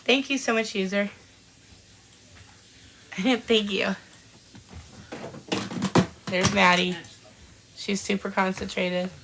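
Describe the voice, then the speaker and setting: A woman's voice: mid-range voice, fairly even intonation, slow, long pauses, noisy background. A woman in her forties from Washington State, hosting a live-streamed podcast and chatting casually as she greets viewers by name and laughs often. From Washington State, USA. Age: 40s. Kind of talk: casual chat reading out live comments.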